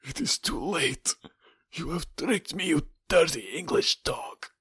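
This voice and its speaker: A famished, greedy Russian castaway pleads and snarls in a worn-out voice, raised a little above the reader's own pitch and very breathy, as a man acts him out. It is dry, close storybook narration with no room sound. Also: expressive, measured pace, fairly bright tone, dry recording, exaggerated voice. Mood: wailing. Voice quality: weak, breathy.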